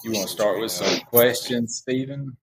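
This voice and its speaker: A man's voice: medium pitch, normal speed, low-quality recording. A man with a South Georgia accent, an easygoing podcast guest in casual chat.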